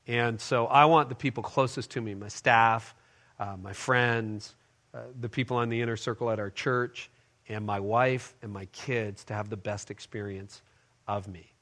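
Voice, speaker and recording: Speaking in a lowish, fairly bright voice with fairly even intonation at normal speed, a middle-aged pastor shares a personal story in a sermon-style leadership talk, performing the dialogue within it for the congregation.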